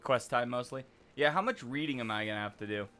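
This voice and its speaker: A man's voice: medium pitch, fast, sharp tone. An adult man streaming a game, chatting casually and joking with his co-player. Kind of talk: casual gaming chat.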